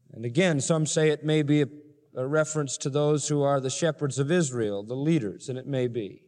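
A man's voice: medium pitch, moderate pace, darkish tone. A man preaching an expository sermon, explaining scripture verse by verse with emphatic teaching. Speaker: pastor. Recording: long hall reverb.

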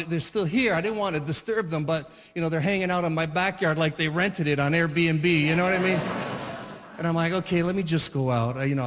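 Rambling stand-up comic in an echoey hall. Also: male voice, a little high. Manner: rambling storytelling with fillers, acts out characters. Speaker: stand-up comedian. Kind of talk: stand-up comedy routine.

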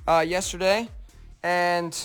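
Young American male guest, bright and a little high, friendly and rambling, faint music bed. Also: steady tone, takes it slowly, clean tone, no echo. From United States. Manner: rambling, self-correcting, friendly. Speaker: pop singer guest. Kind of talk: casual interview chat.

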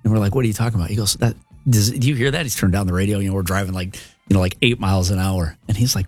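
A man's voice: on the low side, rapid-fire, faint music behind. A man co-hosting a casual chat, telling a funny story and laughing at it. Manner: laughing anecdote teller. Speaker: co-host.

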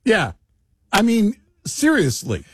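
A man co-hosting a late-night talk radio show with sarcastic, animated commentary. His husky voice is slow-paced and swings widely in pitch. The sound is dry and close. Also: no room sound. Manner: animated, sarcastic, laughing asides. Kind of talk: casual talk radio banter.

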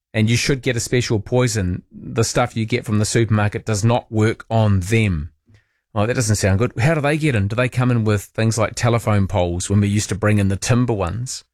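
Late-night talkback host, New Zealand man, mid-pitched, very dry close studio mic. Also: no room sound. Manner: chatty, rambling storyteller with animated asides. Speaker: overnight radio talk host. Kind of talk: late-night talkback, reading listener texts. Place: radio studio. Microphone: studio microphone.

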